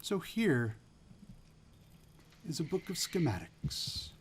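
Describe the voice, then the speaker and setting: Kindly old festive hero, soft-spoken, voiced by a male game master. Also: fairly high pitch, sing-song, slow, slight background noise. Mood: warm.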